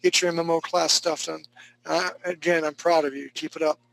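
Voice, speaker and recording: Male art teacher, fairly high and gravelly, chatty and joking while giving feedback. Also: flat delivery, brisk, a bit bright, slight background noise, poor audio. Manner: joking, laid-back, chatty. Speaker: art instructor. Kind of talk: live online drawing class critique.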